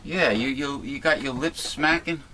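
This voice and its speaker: A man's voice: medium pitch, a little slow, a loud crowd. A man hosting a casual talk show, rambling and chatty, with many fillers and restarts. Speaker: host.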